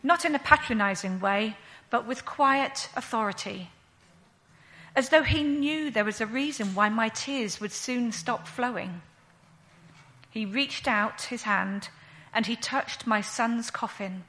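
A woman playing a grieving widowed mother, telling her story in a slow, earnest first-person monologue. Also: fairly high pitch, a bit bright. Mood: awed.

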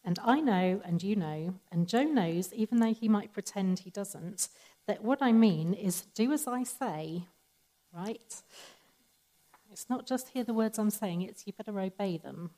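Woman preaching, warm mellow voice. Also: mid-range voice, animated, measured pace, low-quality recording. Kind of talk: sermon.

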